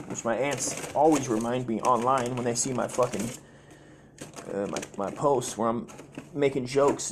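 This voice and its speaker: A man's voice: medium pitch, background noise. A man telling loose, profane stories from his childhood in a casual comedy monologue. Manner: profane, rambling, mimics voices loudly. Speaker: comedy storyteller. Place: home.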